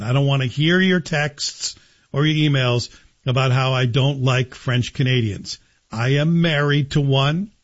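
A man hosting a talk radio show, delivering a sarcastic, joking monologue in a husky voice. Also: on the high side, dull audio.

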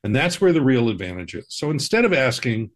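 Male finance host, husky and animated, steady reassuring delivery. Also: medium pitch, a little fast. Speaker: financial advisor, podcast host. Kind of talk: scripted personal-finance talk.

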